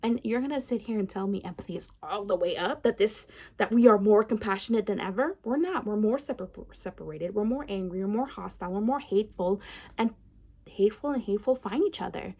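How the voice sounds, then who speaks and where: Woman, mid-pitched voice, heated commentary, emphatic, ranting, repeats phrases. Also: animated, fairly quick, darkish tone, slightly rough. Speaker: commentary vlogger. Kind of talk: impassioned social commentary.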